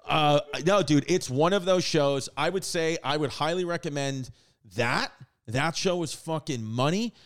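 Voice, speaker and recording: A man's voice: fairly high pitch, measured pace. Rambling, profane comedic man. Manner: rambling, profane, animated storytelling. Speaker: podcast co-host. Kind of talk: casual comedic chat.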